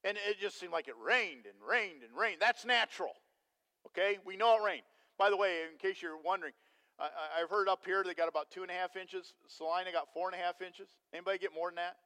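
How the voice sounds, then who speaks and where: A man preaching a sermon as pastor, telling a story with animated energy and putting questions to the congregation. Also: sits high, brisk. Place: church sanctuary. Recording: long hall reverb.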